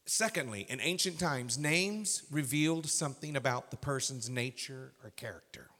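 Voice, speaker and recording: A male pastor preaching a sermon, swinging from hushed whispers to loud, emphatic bursts. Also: medium pitch, expressive, normal speed. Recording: reverberant hall.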